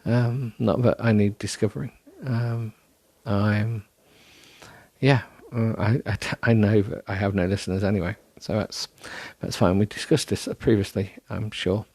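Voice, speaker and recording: A man's voice: on the low side, steady tone, a little slow, a little mellow, dry recording. A man hosting a solo podcast, rambling in a self-deprecating way with many ums and restarts, sounding tired. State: tired, yawning. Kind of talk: rambling casual monologue.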